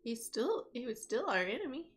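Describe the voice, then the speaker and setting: A woman's voice: sits high, big pitch swings, normal speed, breathy edge. Giggly young woman game master. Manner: chatty and giggly, snacking while talking. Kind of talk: casual narration of a tabletop game.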